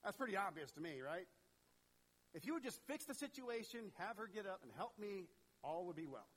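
A man preaching a sermon in an animated, conversational way, talking straight to his congregation. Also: sits high, moderate pace, breathy edge, poor audio. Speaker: pastor.

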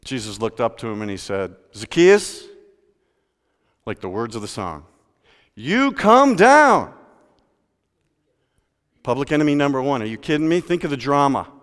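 Animated man preaching in a reverberant church. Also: mid-range voice, fast, hardly any pauses, clear, resonant tone. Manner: animated storytelling with rhetorical questions. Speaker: pastor. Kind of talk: sermon.

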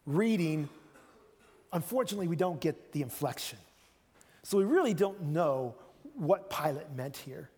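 High-voiced preacher in a reverberant hall. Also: male voice, expressive, a little slow, darkish tone, breathy edge. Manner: conversational, repeats phrases, acts out quotes. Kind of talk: sermon.

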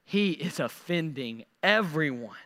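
A man preaching a sermon, animated and repeating words as he acts out scripture quotes. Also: fairly high pitch, unhurried, long reverb tail. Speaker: pastor.

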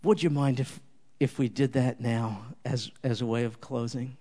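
A male preacher delivering a sermon and closing prayer, swinging from loud emphatic peaks to hushed, reverent prayer. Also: medium pitch, moderate pace. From Jewish believer in Jesus. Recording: long hall reverb.

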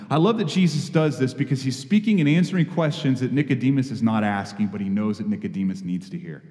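A man's voice: mid-range voice, mellow, in a large hall. A man preaching a conversational, earnest sermon with sudden emphatic rises. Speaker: pastor.

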